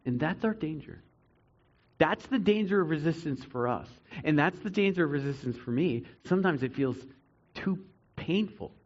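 A man preaching a sermon to a congregation, earnest, swinging between loud emphatic stretches and quiet reflective ones. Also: a little high, expressive, moderate pace, highs cut off. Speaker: pastor.

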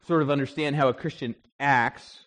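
A man preaching a sermon in an animated way, acting out the voices he quotes. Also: mid-range voice, normal speed. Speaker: pastor.

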